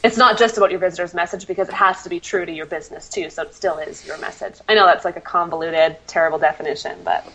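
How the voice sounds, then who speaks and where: A woman's voice: lowish voice, steady tone, quick pace, hardly any pauses, bright, forceful tone, slight background noise, low-quality recording. A woman copywriter answering interview questions, laughing often and apologizing for herself, with many ums. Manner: self-deprecating, laughs often, many fillers.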